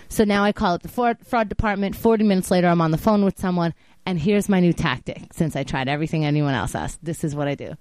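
A young woman co-hosting a casual podcast, telling a story with lively acted-out quotes and frequent laughter. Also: fairly low pitch, fast talker, no echo. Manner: animated storyteller, acts out quotes, laughs often. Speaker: co-host.

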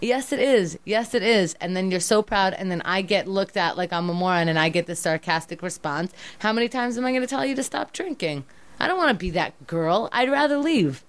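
A woman's voice: medium pitch, expressive. A woman arguing with her boyfriend in a heated back-and-forth, exasperated and sometimes mocking. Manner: exasperated, rapid-fire, mocking impressions. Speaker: girlfriend in a couple's argument. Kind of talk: heated couple argument.

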